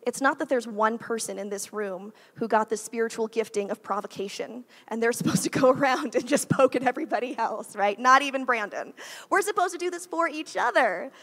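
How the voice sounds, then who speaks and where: A woman in her thirties delivers a conversational sermon as a guest preacher in a church. She is chatty and often adds "like" and "right?" asides. Her voice sits high and is a bit bright, at a moderate pace.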